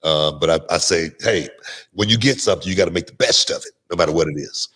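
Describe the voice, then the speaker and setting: A man guesting on a talk show, telling animated stories and often repeating words as he goes. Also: sits low, quick pace, husky. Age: older. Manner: animated, repeats words, laughs mid-sentence. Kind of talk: casual interview storytelling.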